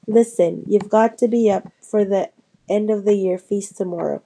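A woman voicing an excitable, blunt teenage boy wizard in a storybook reading, with an eager, chatty delivery. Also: mid-range voice, normal speed, creaky, slightly rough, rough recording.

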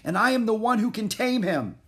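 A man's voice: sits high, animated, brisk, a bit bright, voice pushed up. A man voicing a proud, defiant teenage prince who insists on his own ability. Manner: insistent, boastful.

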